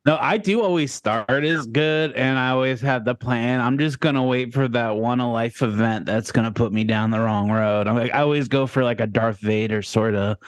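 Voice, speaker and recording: A man co-hosting a podcast, joking in a relaxed, casual storytelling way. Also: mid-range voice, normal speed, few pauses, dry recording. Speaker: podcast co-host. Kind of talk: casual chat.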